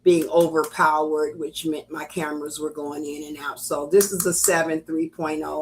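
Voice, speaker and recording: A woman's voice: low voice, a bit bright, a little hiss or hum. An older woman hosting a crafting live stream, chatting casually and rambling with lots of ums and uhs. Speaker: crafting channel host. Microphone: computer webcam setup.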